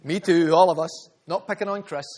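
Man, preacher, sermon, high-pitched, fervent, rhythmic repetition. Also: fairly quick, darkish tone. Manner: fervent, calls out congregation members by name; rhythmic repetition, builds in volume.

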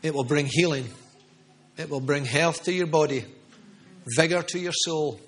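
A man's voice: a little high, normal speed, fairly bright tone. A middle-aged man preaching a charismatic sermon with prophetic words, fervent and emphatic, repeating phrases for stress. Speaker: pastor.

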